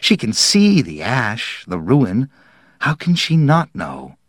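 A male narrator puts on a gentle, worried woman, her voice pitched up and kept soft. It is read slowly in a dry, close booth, with no room sound around it. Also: wildly swooping pitch, no room sound, full character voice. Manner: soft and apprehensive. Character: nervous, gentle young woman.

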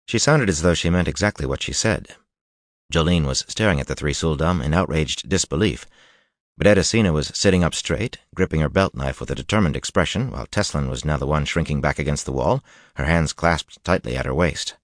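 Low-voiced man narrating a fantasy audiobook. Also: brisk, no echo, clean studio sound. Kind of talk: scripted narration.

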